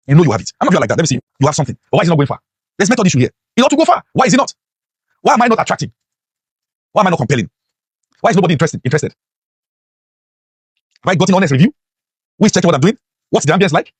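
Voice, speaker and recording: Man, motivational class lecture, very fast talker, rhetorical questions, sudden high-pitched emphasis. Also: slightly rough, dry recording. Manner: preachy, full of rhetorical questions; voice leaps up sharply when stressing points. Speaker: motivational teacher.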